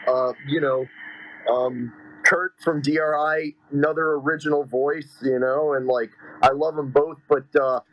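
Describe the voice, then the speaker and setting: A man recalls old music with eager, rambling energy, his voice sitting a little high. The sound is close and dry. He swears freely and stacks up fillers as he talks. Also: measured pace, dry recording, muffled recording. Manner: excitable storyteller, heavy swearing and fillers. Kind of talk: casual podcast chat.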